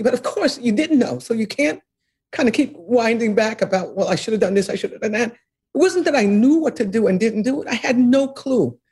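With a husky, slightly breathy voice pitched a little high, an older woman who is an author reflects on her life in an interview. She speaks earnestly and emphatically, returning to key phrases and laughing softly between thoughts.

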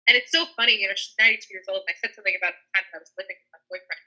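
A woman's voice: medium pitch, rapid-fire, sharp tone, slightly rough, low-quality recording. A young woman telling a personal story in a rambling, emotional way, swearing casually. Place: seated indoors.

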